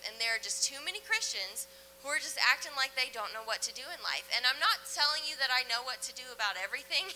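A woman preaches in a church, talking to her congregation as if chatting with friends and laughing often between phrases. Her voice sits high, and its tone is sharp and very bright. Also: animated, fairly quick, slight background noise. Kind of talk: sermon.

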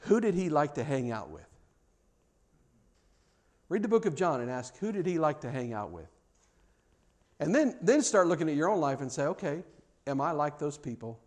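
A middle-aged man preaching a sermon as pastor, earnest and animated, often repeating words as he restarts his sentences. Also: fairly high pitch, normal speed, pauses often.

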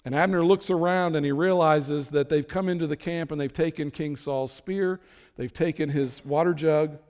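A man preaching a sermon, retelling a Bible story in an animated way and slowing down to drive points home. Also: fairly high pitch, long reverb tail. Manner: animated storytelling, slows down for emphasis. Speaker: pastor.

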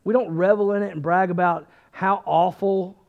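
A male pastor preaching a sermon and telling his own testimony, swinging between loud bursts and hushed asides. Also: sits high, steady tone, moderate pace, creaky, narrow, tinny audio.

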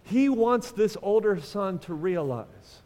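Male pastor with a high voice, preaching to his congregation with questions and dry jokes; long echo of a big church hall. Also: lively intonation, slow, dark tone. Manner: conversational preaching, asks the congregation questions, wry humor. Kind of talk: sermon. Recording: long reverb of a large hall.

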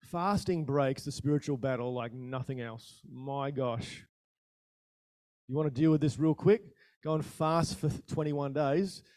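A man preaching a sermon in a conversational style, asking the listeners questions and telling stories with sudden bursts of loudness. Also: mid-range voice, a little slow, no echo, studio quality. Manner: animated storytelling with sudden rises in volume. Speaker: pastor.

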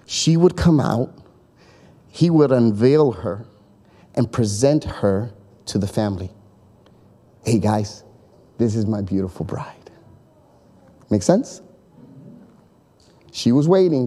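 A man's voice: medium pitch, animated, measured pace, long pauses, mellow. A man preaching a sermon, telling a story in a chatty way, acting out voices and often checking in with his listeners. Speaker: pastor.

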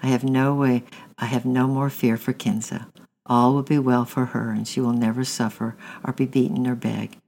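A man voicing an anxious, loving village mother who speaks in a breathless, hushed whisper. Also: mid-range voice, flat delivery, normal speed, vocal fry. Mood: tender.

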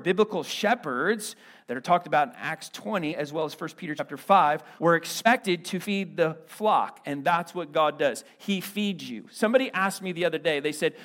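A man pastor preaching a sermon with a Midwestern American accent, swinging from quiet stretches to loud emphatic lines. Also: sits high.

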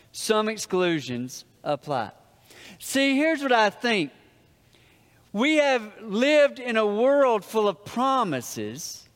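A man preaching a sermon as a pastor, telling stories and dropping his voice low for the punchlines. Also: a bit bright. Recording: long hall reverb.

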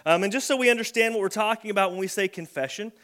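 Man, pastor, sermon, high voice, bright tone, chatty storytelling. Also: very fast. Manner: conversational storytelling with acted kid voices.

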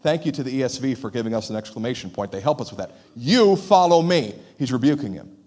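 A man preaching a sermon as pastor, in an animated, conversational way. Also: medium pitch, very fast. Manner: animated, conversational, acts out quoted voices.

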